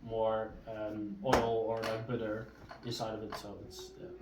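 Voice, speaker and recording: Slow, hesitant young Dutch-born man. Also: lowish voice, completely flat delivery, very noisy. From Netherlands. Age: young adult. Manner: hesitant, halting, many fillers and restarts. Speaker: exchange student guest. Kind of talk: casual interview answers. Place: home during a live blog-cast. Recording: roomy sound from a distance.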